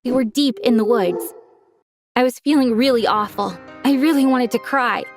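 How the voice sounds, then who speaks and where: A woman's voice: a little high, normal speed, faint music behind. A young woman telling a dramatic first-person story, gasping now and then for effect.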